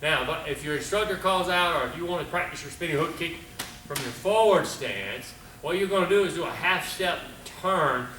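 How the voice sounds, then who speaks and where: A middle-aged man teaching martial arts kicks on video, calling out commands loudly and checking in with "all right?". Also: a little high, moderate pace, slight background noise. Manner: calls out commands loudly and coaches with frequent "all right?" and "okay?". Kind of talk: teaching a kicking class on video.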